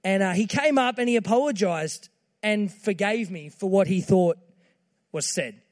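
A man's voice: high voice, moderate pace, long reverb tail. A man giving a short, earnest sermon, retelling scripture in casual words.

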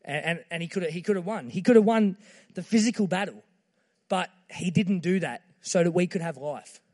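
A man's voice: high-pitched, a little fast, a little mellow, in a large hall. A man giving a short, earnest sermon, retelling scripture in casual words.

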